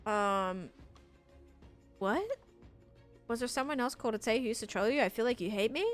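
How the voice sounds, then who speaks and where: A woman's voice: fairly high pitch, normal speed, soft background music. A young woman, chatting casually while live-streaming a game and answering chat.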